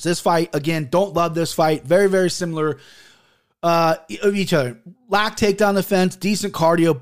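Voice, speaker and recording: A man hosting his own podcast, talking casually and with a lot of swearing, telling stories and acting out the other people's lines. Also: fairly high pitch. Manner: animated, profane, storytelling with voiced quotes. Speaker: podcast host. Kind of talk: casual solo podcast talk.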